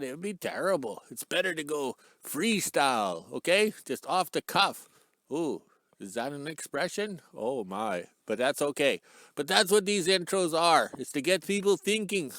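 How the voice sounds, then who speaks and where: A man's voice: a little high, a bit bright, dry recording. A middle-aged man rambling off the cuff outdoors in a joking, chatty vlog intro, filming himself on a stick. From Canada. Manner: joking, chatty, wanders off topic. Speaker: vlogger, channel host. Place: outdoors in cold sun. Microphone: handheld camera on a stick.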